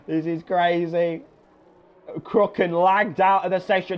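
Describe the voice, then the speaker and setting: Excitable high-voiced male race commentator. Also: unhurried, soft background music. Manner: excitable, swears, shouts encouragement. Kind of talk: live sim-racing commentary.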